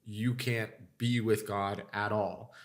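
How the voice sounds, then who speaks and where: A man's voice: fairly low pitch, flat delivery, takes it slowly. A young man co-hosting a casual faith podcast, playful and laughing a lot. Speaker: podcast co-host. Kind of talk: casual chat on scripture.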